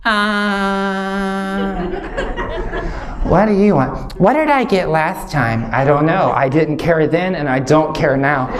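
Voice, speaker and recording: A man doing a dithering, indecisive wife. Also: high-pitched. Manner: hesitant, dithering, drawn-out. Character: indecisive wife ordering at a drive-through. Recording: live show with crowd noise. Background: audience laughter.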